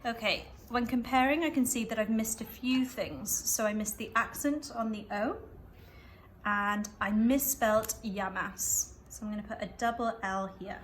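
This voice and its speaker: A woman's voice: a little high, steady tone. Patient woman teacher, faint background hiss. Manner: clear, patient, instructive, repeating phrases slowly. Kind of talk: revision lesson walkthrough.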